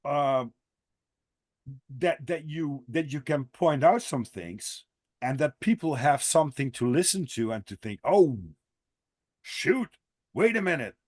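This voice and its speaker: A man hosting a podcast, talking in a rambling, halting way with lots of restarts in a casual interview. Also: mid-range voice, darkish tone, dry recording. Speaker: podcast host.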